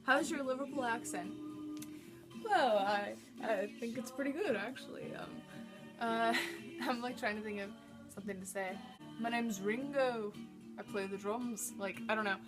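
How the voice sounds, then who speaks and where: A woman's voice: fairly high pitch, moderate pace, music in the background. A teenage girl casually answering tag questions for her vlog, rambling and filling every gap with likes and ums. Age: teens. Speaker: vlogger.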